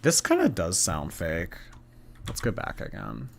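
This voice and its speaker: A man's voice: fairly low pitch, wildly swooping pitch, measured pace, vocal fry. A man hosting a live stream, commenting casually and reading out viewer messages in a rambling, chatty way.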